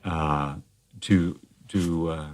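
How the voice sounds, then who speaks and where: A man with a very low, deep voice talks as a therapist being interviewed. He explains things in a measured, steady way, often pausing on fillers and restarting phrases as he goes. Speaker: therapist guest. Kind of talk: conversational interview.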